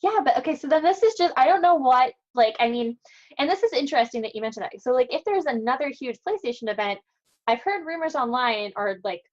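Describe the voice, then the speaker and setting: A woman's voice: high-pitched, expressive, a little fast, lo-fi sound. A woman co-hosting a gaming podcast, talking in an emphatic, opinionated way. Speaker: podcast co-host. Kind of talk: casual chat.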